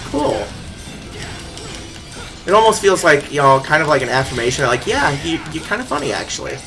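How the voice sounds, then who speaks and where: A game streamer chatting casually while playing, rambling and giggly, quick to laugh at their own slips. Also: mid-range voice, very animated, over music. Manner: rambling, giggly, self-deprecating. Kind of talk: casual live-stream chat while gaming.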